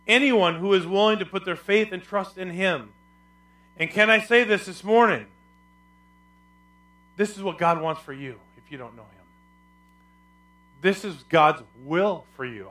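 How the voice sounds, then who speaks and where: A middle-aged man preaching a sermon as pastor, dropping soft and low then rising loud, and calling on the congregation to answer back.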